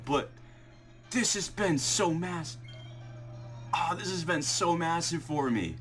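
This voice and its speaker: A young man recording a vlog, swinging from ecstatic shouting and laughter to quick, low explanations, shaky and breathless with excitement. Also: soft background music. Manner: quiet muttered counting. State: shaking with excitement, heart racing. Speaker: shiny hunting video creator. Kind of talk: excited live reaction vlog.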